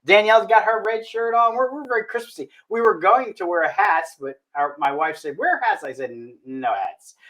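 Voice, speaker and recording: A man's voice: high-pitched, brisk, hardly any pauses, a bit bright. A man hosting a casual talk show, joking and stumbling over his words. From northern United States. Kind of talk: casual chat.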